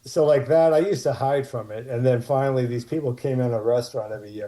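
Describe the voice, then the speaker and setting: A man's voice: mid-range voice, fairly even intonation, fast talker, dark tone. A man, a guest telling casual, rambling anecdotes and acting out the voices of people in them. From Martha's Vineyard, USA. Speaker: podcast guest, former child actor. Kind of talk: casual storytelling interview.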